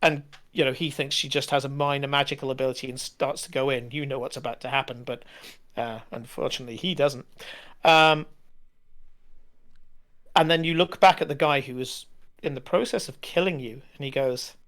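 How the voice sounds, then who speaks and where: A man narrating as game master, halting with frequent fillers as he describes scenes. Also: medium pitch, steady tone, a bit bright.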